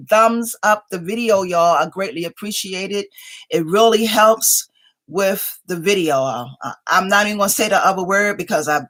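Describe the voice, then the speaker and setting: A woman's voice: medium pitch, fairly bright tone. A woman hosting a casual craft livestream from home, greeting viewers by name as they join and chatting along, a little sleepy. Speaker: craft channel host.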